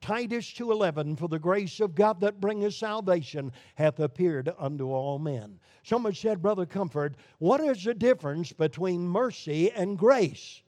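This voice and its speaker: A man from Brooklyn preaching a sermon, emphatic, with sudden swings between loud declarations and quiet, low lines. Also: animated, moderate pace, hardly any pauses, dry recording. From Brooklyn, New York. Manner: emphatic preaching with sharp rises and drops in volume.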